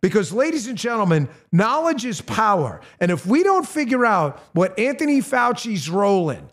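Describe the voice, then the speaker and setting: A male talk show host with a punchy, blunt delivery who reads his own ads and turns loud and high-pitched when outraged. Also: big pitch swings, normal speed. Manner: conversational, with fillers and restarts. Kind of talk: talk show monologue with ad read.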